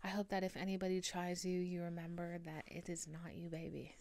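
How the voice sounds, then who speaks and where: A woman's voice: lowish voice, flat delivery, brisk, darkish tone, no echo. A woman hosting her own podcast, talking casually and emphatically and swearing freely, recorded in a room at home. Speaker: podcast host. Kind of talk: casual solo podcast monologue.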